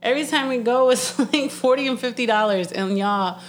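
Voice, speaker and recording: A woman's voice: on the high side, fairly quick. A woman with a Puerto Rican accent, telling stories in a casual chat with lots of swearing and laughter. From Puerto Rico. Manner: animated, profane, laughing storyteller.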